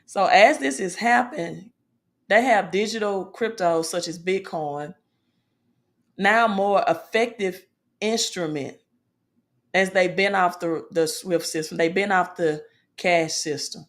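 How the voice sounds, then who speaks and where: Female finance vlogger, lowish voice, emphatic and informal, peppers lines with "right?". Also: takes it slowly. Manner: emphatic, asks "right?" often, informal grammar. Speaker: finance video host. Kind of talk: casual finance commentary.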